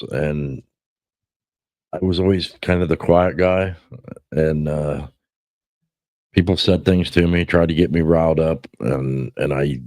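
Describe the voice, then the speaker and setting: A man's voice: very deep voice, a little mellow, no room sound. A middle-aged man hosting a podcast, telling stories in a rambling, cursing way with lots of restarts. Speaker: podcast host. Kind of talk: casual chat.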